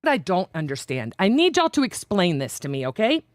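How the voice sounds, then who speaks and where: A woman's voice: fairly low pitch, wildly swooping pitch, fairly quick. A woman co-hosting a reaction livestream, ranting in an indignant, profane way. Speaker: livestream co-host. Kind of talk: heated reaction livestream rant.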